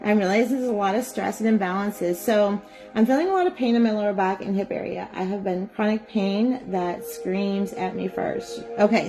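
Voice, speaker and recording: A woman teaching a live psychic development class, guiding listeners gently and often checking in with "right?". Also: medium pitch. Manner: gentle, coaxing, repeats "right?". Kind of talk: guided live class instruction.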